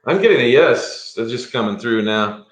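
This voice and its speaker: A man's voice: mid-range voice, animated, normal speed. A man doing a live-stream tarot reading as a psychic, chatty and rambling, with frequent chuckles. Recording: echoey room.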